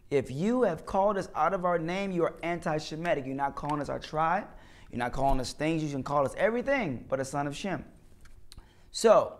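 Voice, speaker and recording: A comedian being interviewed speaks emphatically, looping back on his phrases as if delivering a sermon. His voice sits somewhat high for a man. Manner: emphatic, repetitive, peppered with "you know what I'm saying". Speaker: comedian and actor, interview guest. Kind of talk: casual interview talk, preaching tone.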